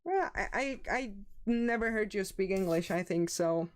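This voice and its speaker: A woman's voice: medium pitch, lively intonation, takes it slowly. A woman from Germany with a German accent, chatting casually with her livestream viewers and now and then searching for the right English word. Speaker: streamer.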